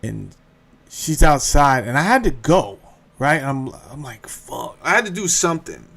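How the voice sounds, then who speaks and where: A man hosts a podcast and tells a funny story in plenty of profanity. He acts out what people said to him. His pitch sits a little high and swings widely. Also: normal speed, slightly rough. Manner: profane, animated, acts out quotes. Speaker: podcast host. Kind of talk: comedic storytelling.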